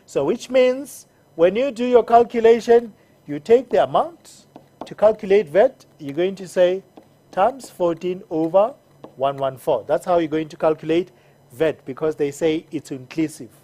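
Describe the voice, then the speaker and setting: A patient accounting teacher talks slowly through each step of a recorded lesson. The voice is mellow, and it keeps checking in with the learners before moving on. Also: mid-range voice. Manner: patient, repeats steps and checks in with "all right?".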